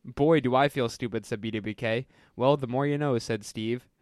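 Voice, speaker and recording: A man co-hosting a podcast, reading a listener's story aloud with quick changes of voice for each character and frequent laughter. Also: medium pitch, no echo. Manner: reads dialogue with quick voice shifts, breaks into laughter. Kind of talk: casual reading aloud with chat.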